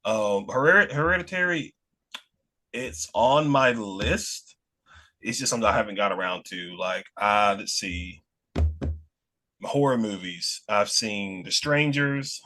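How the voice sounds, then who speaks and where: A man from Alabama with a Southern American accent talks casually as a podcast guest. His voice is bright and forward. He rambles, restarts his sentences and laughs between thoughts. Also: lowish voice, takes it slowly. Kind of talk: casual chat.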